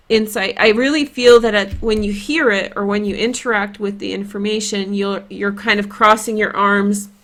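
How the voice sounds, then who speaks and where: Polish-accented woman doing a chill tarot reading, rambly and chatty, mid-pitched voice. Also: a bit bright. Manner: chatty, rambling, lots of "like" and "you know". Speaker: tarot reader.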